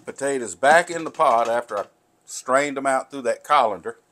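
A man's voice: mid-range voice, moderate pace, a bit bright, a little hiss or hum. A man, hosting a casual home cooking tutorial in a folksy, chatty way. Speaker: cooking show host. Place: home kitchen.

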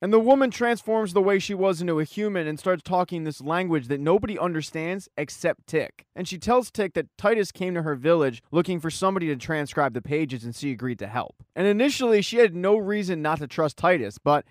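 A man giving a casual plot recap as the host of a show, telling the story briskly and quoting lines along the way. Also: on the high side, lively intonation, dry recording, studio quality.

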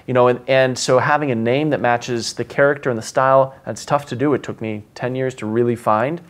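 A man hosting a casual interview chat, talking quickly and with enthusiasm while telling anecdotes about his stage name. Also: mid-range voice, fairly even intonation. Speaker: host.

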